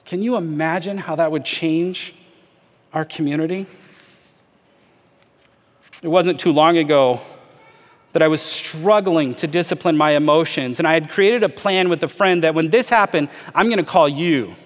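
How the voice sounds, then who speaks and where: A man preaching a sermon as a pastor, talking earnestly, inviting listeners to imagine with him and slowing down to stress key phrases. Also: fairly high pitch, in a large hall.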